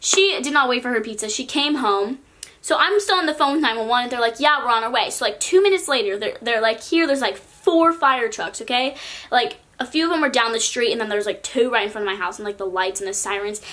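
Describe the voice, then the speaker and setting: A woman's voice: on the high side, brisk, bright, forceful tone. A teenage girl from California telling a storytime vlog in a chatty way, filling her sentences with "like". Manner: chatty, peppers speech with "like". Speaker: vlogger.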